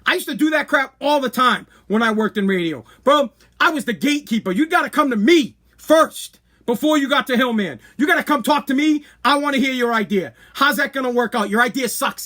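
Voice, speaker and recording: A man's voice: very high-pitched, bright, forceful tone. A man hosting a podcast, ranting bluntly and acting out imagined dialogue in a casual sports talk. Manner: blunt and profane. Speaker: podcast host.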